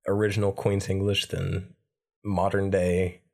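A man's voice: deep voice, completely flat delivery, measured pace, creaky, a little mellow. A man co-hosting a podcast, reading an old folk tale aloud in a casual chat, stumbling and restarting now and then. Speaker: podcast co-host.

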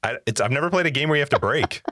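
A man's voice: medium pitch, animated, racing, bright, forceful tone, no echo, clean studio sound. A man co-hosting a casual gaming podcast, rambling and often restarting his sentences. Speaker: podcast co-host.

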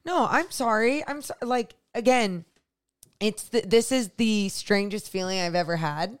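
A young woman co-hosts a late-night podcast, exhausted and on the edge of tears. She rambles and halts, searching for words. Her voice stays smooth and clear. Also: mid-range voice. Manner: rambling, halting, emotional. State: exhausted and tearful. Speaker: podcast co-host. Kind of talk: casual late-night chat.

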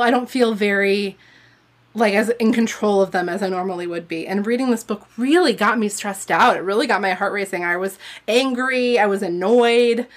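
A woman in casual book discussion, rambling and hesitant, full of "like" and "I don't know". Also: a little high. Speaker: book podcast co-host.

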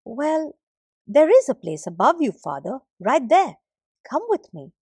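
A woman's voice: sits high, sing-song, a little slow, a little mellow, no room sound, pitched above the performer's own voice, heavily acted. A woman voicing an earnest young son. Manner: earnest, pleading.

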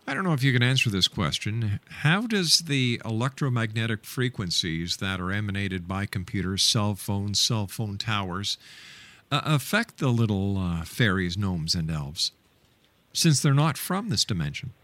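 A man's voice: fairly low pitch, lively intonation, moderate pace, fairly bright tone, no room sound. Man, from Canada, radio host, emphatic, announcer-like, dry studio sound. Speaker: radio talk show host. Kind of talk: radio talk show hosting. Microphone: studio microphone.

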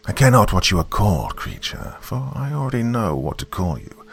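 A man voicing an ancient giant river serpent, a male, low, distant voice that talks down with imperious contempt. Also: huge pitch swings, normal speed, vocal fry, slightly rough, heavily acted. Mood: commanding.

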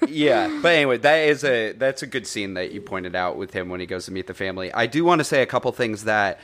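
A man co-hosting a casual film review podcast, animated and joking, with casual swearing. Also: on the low side, fast talker.

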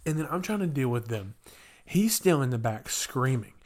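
A young podcast co-host tells a story in casual chat, stringing his talk together with filler words. Very animated at a normal speed, he jumps up high to act out shouting kids, then drops back to his plain mid-pitched voice.

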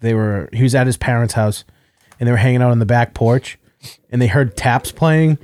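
A man's voice: mid-range voice, fairly even intonation, normal speed, darkish tone, clean tone, dry recording. A man hosting a podcast in casual chat, laughing often and joking crudely.

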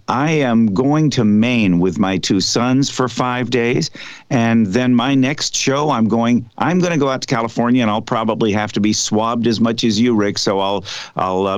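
A man who works as an air show announcer, chatting casually in measured, formal phrasing. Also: on the low side, smooth, no echo. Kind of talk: casual chat. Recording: dry close mic.

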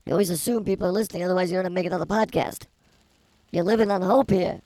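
A woman co-hosting a casual comedy podcast, telling a rambling story in a wry, deadpan way. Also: lowish voice, quick pace, dry recording, poor audio. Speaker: podcast co-host.

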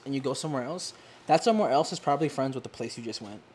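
A woman's voice: a bass voice, expressive, rapid-fire, a little mellow, a little hiss or hum. A young woman as a guest in a casual chat, telling stories in slangy, profane talk and acting out what people said.

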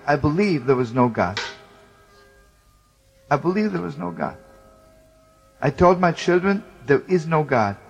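A man telling a wartime story, swinging from loud outbursts to hushed speech, with Yiddish and Hebrew words. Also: fairly high pitch, highs cut off. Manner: emotional, shifts between loud exclamations and hushed speech.

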